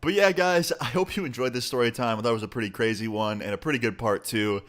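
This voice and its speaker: A young man casually telling a storytime to his viewers, swearing often and acting out the people in it. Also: fast. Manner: profane, animated, quotes people with pitch jumps. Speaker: storytime vlogger.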